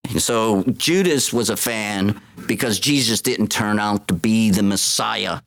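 Male preacher, animated sermon delivery, slips into voices for the people he quotes. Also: on the low side. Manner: animated, acts out voices of Bible figures in quotes.

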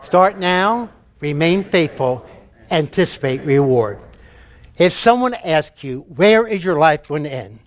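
A man's voice: a little high, animated, measured pace. A man preaching a sermon, telling jokes and repeating key phrases for emphasis.

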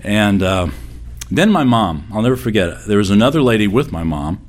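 A man's voice: on the low side, animated, normal speed. A man preaching in a conversational, storytelling way, rambling with frequent restarts as he recalls family memories. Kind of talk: sermon storytelling.

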